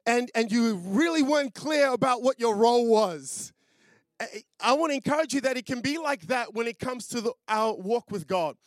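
A man's voice: extremely high pitch, expressive, normal speed, no echo. A man in his thirties with an Australian accent, a pastor preaching a sermon in a chatty, storytelling way, full of fillers and restarts. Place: church.

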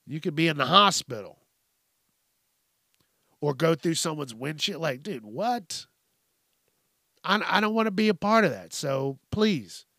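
A man's voice: fairly high pitch, sharp tone, no echo, studio quality. A man hosting a podcast, ranting casually with heavy profanity and exasperation. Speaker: podcast host. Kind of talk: casual solo rant.

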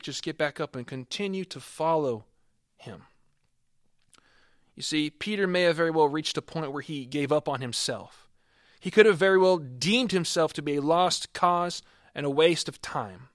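A man's voice: on the high side, a bit bright, dry recording. Earnest male preacher, dry sound. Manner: earnest, builds to emphatic swells on key words. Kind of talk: sermon with scripture reading.

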